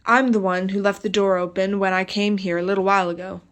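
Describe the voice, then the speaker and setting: A woman reading the lines of a patient husband who gently coaxes his frightened wife. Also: mid-range voice, fast talker, close to an everyday voice. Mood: coaxing. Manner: steady, reassuring, coaxing.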